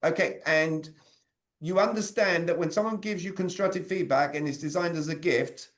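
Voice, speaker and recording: A man, leading an interactive sales communication training over a video call and quizzing his audience. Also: on the high side. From Britain. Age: 40s. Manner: energetic, quizzes the audience with quick questions.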